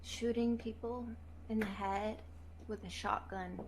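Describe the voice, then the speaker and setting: A woman's voice: medium pitch, steady tone, measured pace, slight background noise. A woman chatting casually as a stream guest, blunt and teasing.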